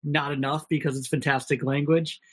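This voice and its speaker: A man's voice: fairly high pitch, level tone, a little fast, a bit bright, husky. A man with a Minnesota accent co-hosting a casual podcast, rambling and self-deprecating with lots of fillers. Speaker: podcast co-host.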